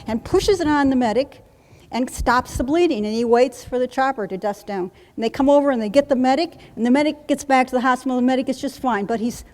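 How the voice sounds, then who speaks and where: A woman trainer demonstrating a trauma-relief technique, calmly repeating soothing reassurances in a steady chant. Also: fairly high pitch. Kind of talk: instructional demonstration. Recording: long reverb.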